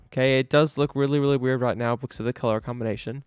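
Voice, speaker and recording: A man's voice: medium pitch, fairly even intonation, fast talker, a little mellow, clear, resonant tone, no echo, clean studio sound. A man live-streaming a building game, chatting casually and thinking aloud to himself as he works.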